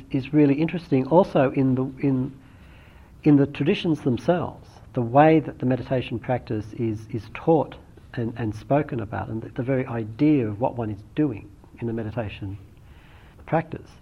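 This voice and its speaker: A husky-voiced man gives a dharma talk as a meditation teacher, thoughtful and unhurried, often circling back to restart a phrase. His voice sits at an ordinary middle pitch. The recording is dull and lo-fi.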